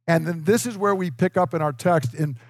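A man's voice: on the high side, brisk, dry recording, clean studio sound. A man preaching a sermon in a conversational storytelling way, acting out the voices he quotes. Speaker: pastor.

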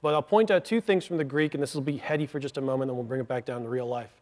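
A man preaching a sermon in an earnest, teaching manner. His voice sits at an everyday middle pitch. He explains things step by step, often breaking off for small asides. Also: racing, darkish tone. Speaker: pastor.

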